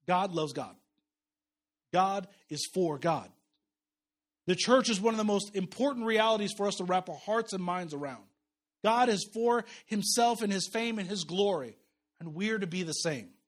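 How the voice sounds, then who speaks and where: A man in his thirties, a pastor preaching a sermon, swinging between loud emphatic declarations and soft, quiet storytelling. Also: high-pitched, expressive, moderate pace.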